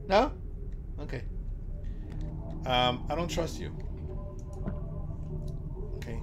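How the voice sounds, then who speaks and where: A gaming channel host gives joking let's-play commentary on a horror game, addressing both his viewers and the characters on screen. His medium-pitched voice is expressive and slow, with long pauses, over game music and slight background noise.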